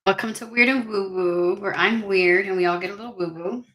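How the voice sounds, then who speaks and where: A woman's voice: mid-range voice, a little fast, fairly bright tone, roomy sound. A woman hosting a casual tarot reading vlog, chatty and rambling, with allergies. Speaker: tarot reader.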